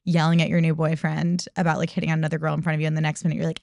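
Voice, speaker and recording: A young woman from Chicago telling a story on a podcast, animated, swearing freely and acting out what people said. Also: sits low, racing, vocal fry, no echo, studio quality. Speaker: guest comedian. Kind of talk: casual storytelling.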